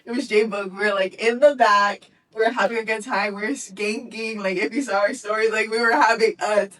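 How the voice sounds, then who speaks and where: A woman's voice: mid-range voice, fairly quick, far from the mic, rough recording. A woman in her twenties, co-hosting a podcast, chatting casually and acting out the dialogue in her stories. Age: 20s. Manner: animated storytelling, acting out dialogue. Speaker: podcast co-host. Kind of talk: casual chat.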